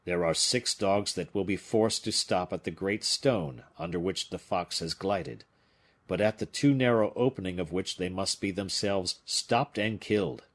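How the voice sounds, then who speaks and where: A man voicing a calculating, commanding bishop-musketeer, measured and deliberate, with a low husky voice. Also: exaggerated voice. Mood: cool command.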